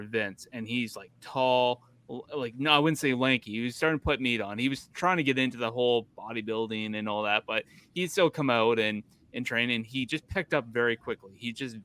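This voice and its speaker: A man's voice: mid-range voice, bright, forceful tone, smooth. A man hosting a casual podcast chat, telling a rambling story full of restarts. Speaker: podcast host.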